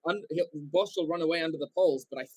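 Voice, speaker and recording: A man commentates a rugby match live for his stream's viewers, speaking in a slightly higher register than most men. He sounds like an invested fan rather than a broadcaster, excitable and loose, dropping the odd swear word and correcting himself as the play unfolds. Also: fast, husky. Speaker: watchalong commentator.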